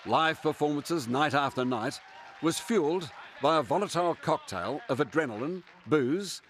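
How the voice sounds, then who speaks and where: An Australian man narrating a TV feature and asking interview questions in a measured way. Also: fairly high pitch, animated, a bit bright, slight background noise. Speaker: TV reporter.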